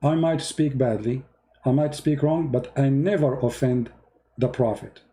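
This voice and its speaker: A man's voice: mid-range voice, mellow. A man giving mocking, emphatic religious commentary in non-native English, full of sarcasm. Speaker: religious debater.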